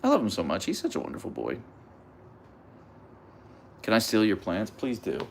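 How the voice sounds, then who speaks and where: A man with a gravelly, fry-edged voice hosts a casual pet livestream. His pitch swings widely as he chats with viewers and slips into playful high baby-talk with his dog. He sounds a bit sleep-deprived but upbeat. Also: wildly swooping pitch, moderate pace, a little hiss or hum. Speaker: livestream host with pet huskies. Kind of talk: casual livestream chat to pets and chat.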